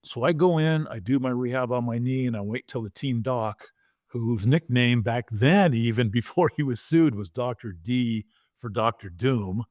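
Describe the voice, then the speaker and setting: A man's voice: medium pitch, normal speed, dry recording. A man in his sixties tells a long story from his past on a podcast. He relives it vividly and slips into the voices of the people he quotes. His voice sits in the middle range, and the recording is dry and close. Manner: animated, vivid retelling with acted-out quotes. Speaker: guest, former pro football player.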